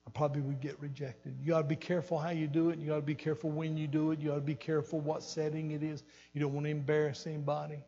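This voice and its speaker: Earnest older pastor. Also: male voice, fairly high pitch, flat delivery, racing, few pauses, dark tone. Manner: earnest, repeats phrases for emphasis. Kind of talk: sermon teaching. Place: church sanctuary. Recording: dull echoey church hall recording.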